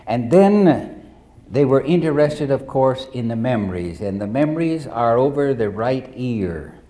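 A man preaching a sermon as pastor, telling a story in a measured way and speaking directly to the congregation. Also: medium pitch, lively intonation, dark tone.

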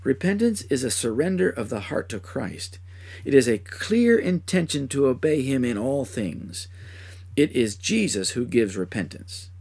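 A man preaching a sermon in a measured, declarative way. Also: medium pitch, sing-song, a little mellow, husky.

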